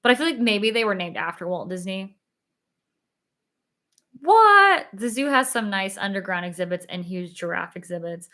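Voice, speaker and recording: A woman's voice: mid-range voice, brisk, hardly any pauses, a bit bright. A young woman chatting casually on a livestream, reading viewer comments, giggling and filling with "like", a little tired. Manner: chatty, giggly, lots of fillers. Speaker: livestream host.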